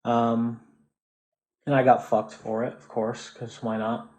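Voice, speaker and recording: A man's voice: medium pitch, little pitch movement, slow, a little mellow, rough recording. Profane, ranting American man. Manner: profane, restless, frequent restarts and fillers. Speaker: vlogger. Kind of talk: ranting monologue.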